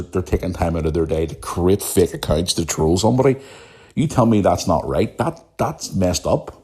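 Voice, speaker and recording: A man's voice: deep voice, mellow. A British man hosting his own podcast, talking bluntly and emphatically in an opinionated solo rant, repeating his points. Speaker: podcast host.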